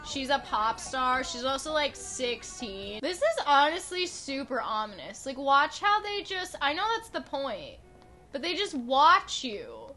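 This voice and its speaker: Young woman in her twenties, bright and a bit high, casual sarcastic gameplay chatter, faint music behind. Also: big pitch swings, unhurried. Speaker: gaming YouTuber.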